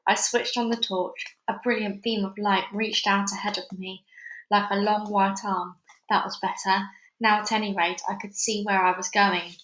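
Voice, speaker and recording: A woman's voice: medium pitch, flat delivery, moderate pace, a bit bright. Lady doing a read-along of a kids' book at home, chatty, echoey room. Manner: casual, chatty with fillers. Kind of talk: reading a children's book aloud. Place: busy house.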